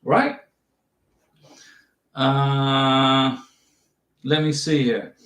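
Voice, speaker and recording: A man's voice: mid-range voice, steady tone, drawn-out words, a bit bright. A middle-aged man hosting a livestream, casually giving visa advice and reading out viewer questions in a chatty, reassuring way. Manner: chatty, repeats and restarts, reassuring. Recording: echoey room.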